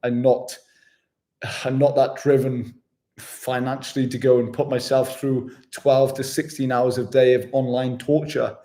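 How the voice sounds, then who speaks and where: A young man with a Welsh accent talks casually to his viewers on a travel vlog stream. He is relaxed and chatty, full of slang, with a voice pitched right in the middle of the range. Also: a little slow. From Wales. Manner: laid-back, chatty, slangy, laughs often. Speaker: travel vlogger. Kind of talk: casual livestream chat reading comments.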